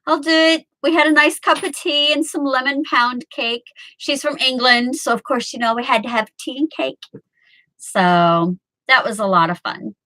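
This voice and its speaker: Chatty bright-voiced woman in her fifties. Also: fairly high pitch, rough recording. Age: 50s. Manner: chatty, rambling, laughs often. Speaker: live streamer chatting with viewers. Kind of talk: casual chat. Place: home. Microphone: webcam.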